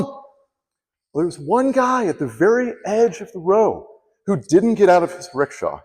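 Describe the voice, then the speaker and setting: Husky and on the high side, a man speaking at normal speed gives a funny story-based contest speech. He animatedly plays the people he quotes, and the recording has long hall reverb.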